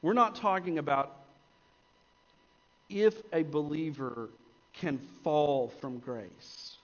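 A man preaching a sermon as pastor, swinging between emphatic rises and quiet, intense drops. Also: fairly high pitch, slow pace. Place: church sanctuary. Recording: long church reverb, dull lo-fi sound.

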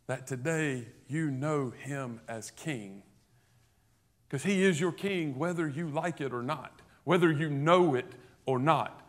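A man's voice: medium pitch, slow pace. A man preaching a sermon, emphatic and rising in volume on key points, with conversational asides to the listeners. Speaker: pastor.

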